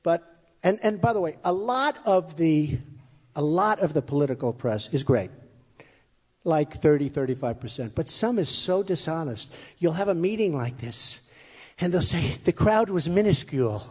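A man's voice: fairly high pitch, animated, moderate pace, darkish tone, husky. A man giving a rambling, boastful campaign speech at an event, often repeating himself. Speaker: candidate speaking at a campaign event. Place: large hall with a crowd. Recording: long hall reverb.

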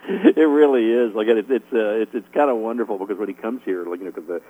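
A man's voice: fairly low pitch, animated, a little fast, narrow, tinny audio. A middle-aged man being interviewed as an author, rambling with lots of fillers and chuckling often. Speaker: author guest. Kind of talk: casual radio interview answers.

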